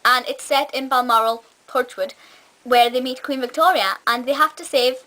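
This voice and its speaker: Woman w/ a bit of a scottish accent, slightly high voice, chatty enthusiastic review vlog, lots of ums. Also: steady tone, normal speed, pushed and bright. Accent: part Scottish. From Scotland. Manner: chatty, enthusiastic, many fillers and restarts. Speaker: film reviewer.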